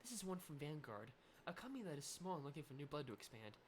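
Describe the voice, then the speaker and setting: A woman's voice: low voice, big pitch swings, fast talker, slight background noise, pitched below the performer's own voice. A woman reading as a kind teacher. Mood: gentle. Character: kind, reassuring female teacher, calm. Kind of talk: reading visual novel dialogue aloud.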